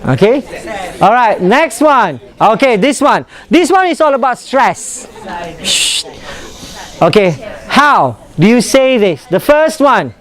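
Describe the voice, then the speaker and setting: Man as workshop instructor, slow and animated, drilling pronunciation word by word. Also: extremely high pitch, crowd noise. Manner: demonstrative, repeats words for drilling.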